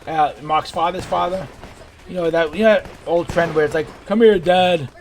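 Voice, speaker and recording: A man chats loosely through his gameplay, wandering off topic and restarting his thoughts. His voice sits a bit higher than most men's. A clear noise bed runs under the recording. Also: fairly even intonation. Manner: rambling and digressive, halting. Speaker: gaming video creator. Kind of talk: casual gameplay commentary. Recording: background noise.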